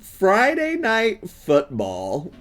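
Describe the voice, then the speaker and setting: A man's voice: high-pitched, huge pitch swings, very slow, fairly bright tone. A man in his thirties giving casual, playful reaction commentary, laughing often. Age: 30s. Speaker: YouTube reaction host.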